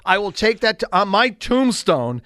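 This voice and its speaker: A man in his sixties, a radio co-host, telling a self-mocking story in casual, animated chat. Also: high-pitched, normal speed, crowd noise.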